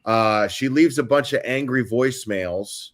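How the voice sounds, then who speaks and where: A man's voice: medium pitch, unhurried. A male host on a casual livestream, explaining a timeline step by step with frequent ums and uhs.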